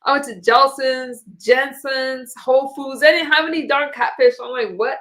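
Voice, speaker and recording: A chatty woman hosting a live stream, her voice sitting fairly high. She rambles through casual talk and laughs easily. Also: steady tone, moderate pace, fairly bright tone. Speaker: streamer host.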